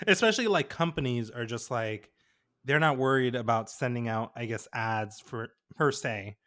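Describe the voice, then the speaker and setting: A graphic designer in his young adult years co-hosts a podcast, chatting loosely and telling meandering, filler-heavy stories. He speaks in a mid-range voice at a measured pace with a sharp tone.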